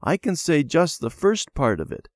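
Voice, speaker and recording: A man voicing an eager, tearful little girl in a storybook, raising his voice high and childlike. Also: wildly swooping pitch, moderate pace, no room sound. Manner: pleading, high childlike pitch. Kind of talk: storybook character voice.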